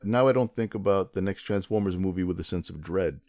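A man with a very low voice talking steadily and earnestly, laying out his points like a devoted fan. The sound is dry and close, with no room around it. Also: brisk, a little mellow, dry recording. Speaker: podcast co-host. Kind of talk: casual chat.

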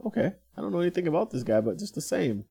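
A lively middle-aged man chatting casually, his pitch swinging widely as he jokes and laughs. His voice is mellow and warm, never sharp. He drops "man" into almost every sentence. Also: rapid-fire, gravelly, breathy edge. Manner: animated, laughs often, talks with a lot of "man". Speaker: podcast co-host. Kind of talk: casual chat.

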